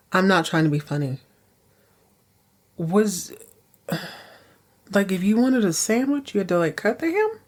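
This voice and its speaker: A woman's voice: on the low side, a little mellow. A woman hosting a podcast, recapping episodes in casual, sassy chat with many asides. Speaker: podcast host.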